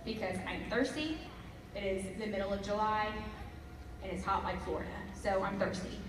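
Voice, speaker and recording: A woman's voice: medium pitch, fairly even intonation, moderate pace, background noise, close to an everyday voice. Woman plays a tired, impatient man, curt and subdued; echoey hall, distant mic. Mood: snippy. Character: hot, tired, snippy man at a well.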